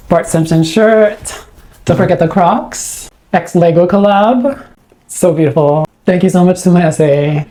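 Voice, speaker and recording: A woman films an excited unboxing for her vlog, gushing and awestruck and shaky with excitement. Her voice sits a little low and sounds mellow and soft-edged. She keeps losing her words. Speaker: unboxing vlogger.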